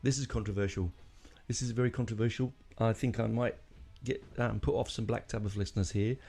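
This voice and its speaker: A man hosts a solo podcast in a low, gravelly voice. He rambles through his thoughts with fillers and restarts and lets his feelings show. His tone is mellow and dark. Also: fairly even intonation, fairly quick. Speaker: podcast host. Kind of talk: casual solo podcast talk.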